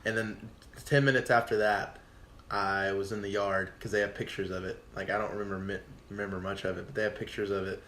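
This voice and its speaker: A man in his twenties, a podcast guest, telling a casual story in a profane, animated way and acting out what people said. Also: on the low side, brisk, slight background noise. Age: 20s. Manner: profane, animated, acts out quotes. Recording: echoey room.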